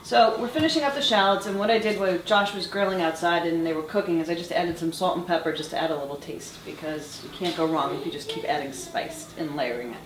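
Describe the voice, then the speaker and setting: A woman's voice: fairly low pitch, fast talker, hardly any pauses, reverberant, a little hiss or hum. A woman co-hosting a casual cooking show, chatty and playful as she explains her part of the dish. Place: home kitchen.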